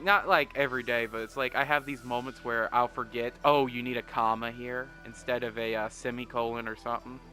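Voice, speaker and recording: A man's voice: mid-range voice, sharp tone. A man hosting a video game let's play, rambling in a self-deprecating way and swearing freely. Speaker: gaming video host.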